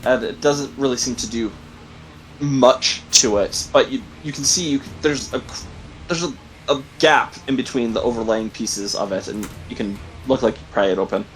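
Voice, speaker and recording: Halting male game master. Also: medium pitch, faint music behind, low-quality recording. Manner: halting, many ums and likes. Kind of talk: narrating a tabletop game.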